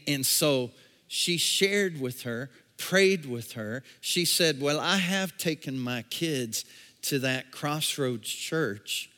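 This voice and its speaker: A man's voice: mid-range voice, pushed and bright. A man preaching a sermon as pastor, emphatic and repetitive, building intensity as he urges his congregation. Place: church sanctuary. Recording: long hall reverb.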